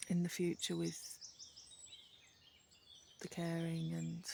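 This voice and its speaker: A woman from Birmingham with a softened Brummie accent, chatting casually and rambling with many ums, sounding tired. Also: lowish voice, gravelly, slight background noise. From Birmingham, England. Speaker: vlogger. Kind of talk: casual chat to camera. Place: outdoors in woodland with birds.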